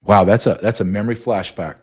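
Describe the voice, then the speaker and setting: A man's voice: fairly low pitch, steady tone, fairly quick, slightly rough. A male podcast host delivering a sarcastic solo monologue, full of mocking asides.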